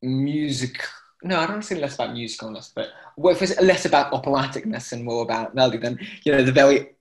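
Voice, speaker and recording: A man's voice: medium pitch, fast talker. A man teaching Torah chanting in an online class, talking enthusiastically and breaking into short sung examples over a video call.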